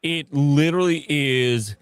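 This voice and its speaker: Animated male podcast co-host, dry sound. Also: a little high, measured pace, smooth, no room sound. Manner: animated storyteller, laughs often, mimics others. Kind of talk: casual chat.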